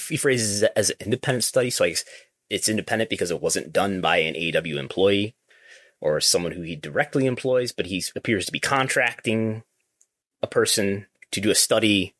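A man's voice: sits low, a bit bright, no echo, studio quality. A man hosting a business podcast, talking casually and thinking aloud, often restarting his sentences. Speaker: podcast host.

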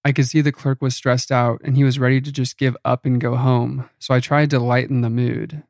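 A man giving a scripted horror story narration in an even, measured reading. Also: mid-range voice, gravelly, no echo, studio quality.

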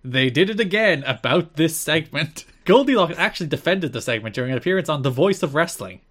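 A man's voice: on the high side, lively intonation, fairly quick, fairly bright tone. A man co-hosting a casual podcast, dryly recapping events and laughing at them. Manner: dry, recounting with laughs. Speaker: podcast co-host. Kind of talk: casual wrestling podcast chat.

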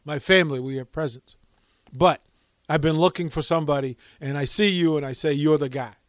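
A man putting on a slow, self-assured, middle-aged New York businessman with a New York accent. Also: a little high, no room sound, clean studio sound, natural voice. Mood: smooth insistent.

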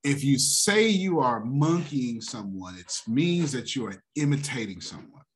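Male host, motivational talk, wide-ranging animated delivery with a preacher's swing. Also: mid-range voice, a little slow, a little hiss or hum. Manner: animated, preacher-like, laughs often.

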